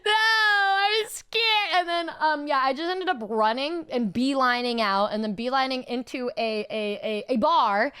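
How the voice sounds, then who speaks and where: A woman streamer telling stories to her viewers in casual chat, animated, laughing often, swearing freely and slipping into a mock-whiny tone. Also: high voice, moderate pace, few pauses, smooth. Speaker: streamer and singer.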